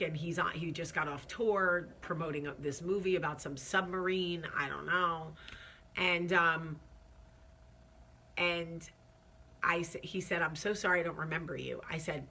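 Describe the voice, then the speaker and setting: A woman's voice: fairly low pitch, pushed and bright, slight background noise. A woman hosting her own talk show, telling a story casually, chatty and candid with lots of fillers, sounding stressed and nervous. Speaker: vlog host.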